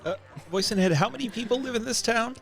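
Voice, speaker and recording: A man playing a tabletop game, deadpan and blunt. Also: extremely high pitch, fast talker, faint music behind. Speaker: player.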